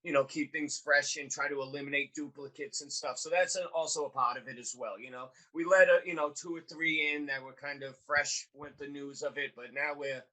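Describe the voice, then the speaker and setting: A man's voice: a little high, fairly even intonation, a little fast, few pauses, sharp tone, poor audio. A man with a Boston accent co-hosting a podcast in casual chat, laid-back and chuckling. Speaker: podcast co-host and group admin.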